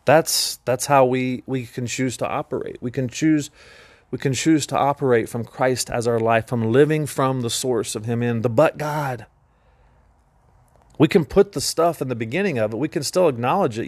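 A man's voice: medium pitch, normal speed, no room sound. A man hosting a Christian teaching podcast, talking in an earnest, emphatic preaching manner. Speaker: podcast host.

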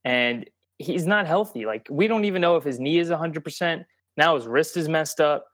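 A man's voice: a little high, normal speed, fairly bright tone, no echo. A man co-hosting a sports podcast, talking bluntly and emphatically in casual chat, swearing freely. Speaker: podcast co-host.

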